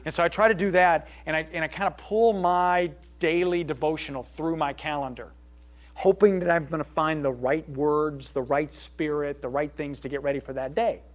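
An earnest middle-aged man talks informally to a small group, his voice sitting a little higher than most men's. He speaks in a loose, conversational way and keeps checking in with his listeners. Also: fairly even intonation, moderate pace. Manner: earnest, conversational, leans on tag questions. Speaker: speaker leading a group session. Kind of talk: informal talk with audience questions.

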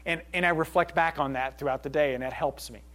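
An earnest middle-aged man talks informally to a small group, his voice sitting a little higher than most men's. He speaks in a loose, conversational way and keeps checking in with his listeners. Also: fairly even intonation, fast talker, a bit bright. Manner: earnest, conversational, leans on tag questions. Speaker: speaker leading a group session. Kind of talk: informal talk with audience questions.

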